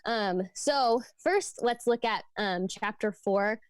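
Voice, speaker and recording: A young woman speaking to a youth group in a relaxed, chatty sermon, her voice at an everyday middle pitch. She talks earnestly through a scripture passage and often drops in "like" and "um". The sound is dry and close, with no room around it. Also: takes it slowly, no room sound. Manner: conversational, frequent fillers like "like" and "um".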